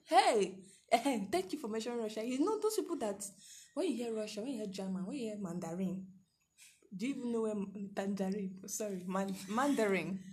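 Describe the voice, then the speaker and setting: A young Nigerian woman with a Nigerian accent, co-hosting a casual chat with animated, laughing exclamations. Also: medium pitch, brisk. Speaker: podcast co-host.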